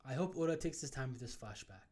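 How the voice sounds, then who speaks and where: A young man hosting a live comic readthrough, reacting in casual, excited chat. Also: medium pitch, fast talker. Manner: casual, excited, says bro. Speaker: reaction video host.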